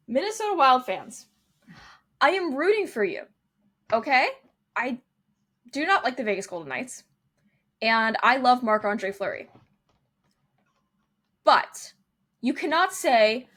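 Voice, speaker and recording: A woman's voice: sits high, big pitch swings, takes it slowly, pauses often, fairly bright tone. A young adult woman co-hosting a casual sports podcast, joking and ranting with frequent laughter. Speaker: podcast co-host.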